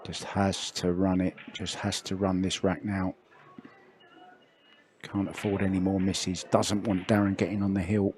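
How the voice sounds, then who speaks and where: A man doing relaxed, chatty play-by-play commentary on a billiards match. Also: low voice, measured pace, a little hiss or hum.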